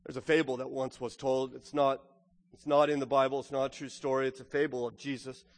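A man preaching a sermon in a church, animated, swinging from loud to hushed and acting out the lines he quotes. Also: mid-range voice, brisk. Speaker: pastor. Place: church sanctuary. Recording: long hall reverb.

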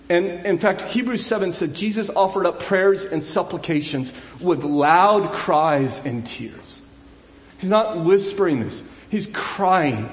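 A man in his thirties preaching a sermon in a conversational way, full of asides and restarts, at times crying out loudly. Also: high voice, animated, normal speed, reverberant. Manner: conversational, frequent restarts and asides, rising to loud emotional cries. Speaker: pastor.

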